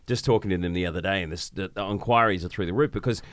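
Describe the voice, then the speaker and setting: A man's voice: low voice, very fast, a bit bright. A man hosting a podcast, jokey and enthusiastic in casual conversation. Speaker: podcast host.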